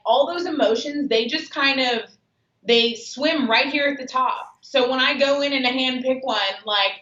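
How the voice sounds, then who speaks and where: A woman's voice: fairly high pitch, bright, forceful tone, reverberant, lo-fi sound. A woman guest on a sports radio show, chatting candidly and telling stories with lots of "like". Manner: candid, fast storytelling with "like" fillers. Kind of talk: casual radio chat.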